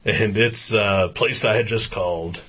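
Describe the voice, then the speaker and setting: A man co-hosting a podcast, telling a profane story in casual chat and getting loud as he retells his anger. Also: fairly low pitch, a little slow, husky. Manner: profane ranting anecdote, gets loud when retelling anger. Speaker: podcast co-host.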